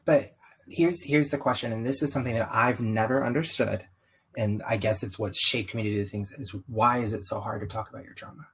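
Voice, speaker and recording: A young man with a slight Southern US accent, candidly telling his story in an interview, animated and full of "like" asides. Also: medium pitch, brisk, a little hiss or hum, low-quality recording. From US, Southern-ish family. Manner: animated, frequent "like" asides, acts out quotes. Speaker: podcast guest.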